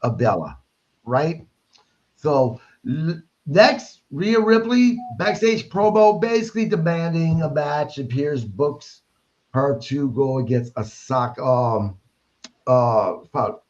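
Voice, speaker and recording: A man's voice: a little high, animated, slow, a little mellow, highs cut off. A man hosting a podcast, recapping wrestling in blunt, casual talk and swearing freely. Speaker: podcast host.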